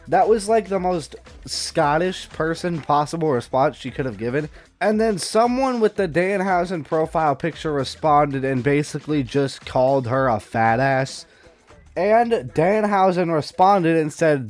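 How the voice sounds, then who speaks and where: A young man with a fairly high pitch and lively intonation hosts a casual news commentary vlog at a measured pace. He rambles and stays snarky, trash-talking and trading playful insults.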